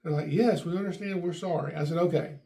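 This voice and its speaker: Animated man telling family stories. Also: a little high, fast talker, creaky. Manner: animated, acts out quotes with raised voice. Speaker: podcast host. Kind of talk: casual storytelling.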